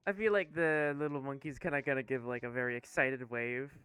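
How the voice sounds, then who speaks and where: A man's voice: mid-range voice, fairly even intonation, a little fast, sharp tone, clear, resonant tone, no echo, soft background music. A man running a tabletop game, narrating in a rambling, casual way and laughing at himself. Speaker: game master.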